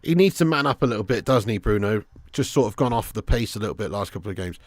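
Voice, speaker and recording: A man's voice: on the low side, fast talker, dry recording, studio quality. Chatty man streaming football. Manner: chatty, banters with viewers, swears casually. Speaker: football watch-along streamer. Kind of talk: live stream commentary and chat.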